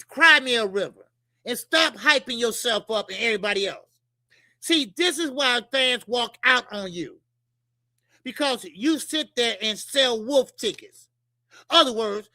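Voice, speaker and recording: A man's voice: very high voice, lively intonation, a little slow, sharp tone, no room sound, studio quality. A man hosting a boxing show, ranting in a heated, profane way, throwing questions straight at his viewers and repeating lines for emphasis. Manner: fired-up, profane, rhetorical, talks straight to viewers. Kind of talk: heated casual boxing rant.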